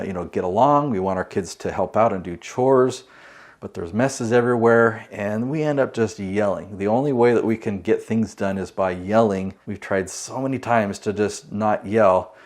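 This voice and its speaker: A man's voice: on the low side, a little mellow. A middle-aged man teaching as a business coach in an earnest, conversational talk to camera, acting out client dialogue along the way. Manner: earnest, conversational, with frequent restarts and role-played dialogue.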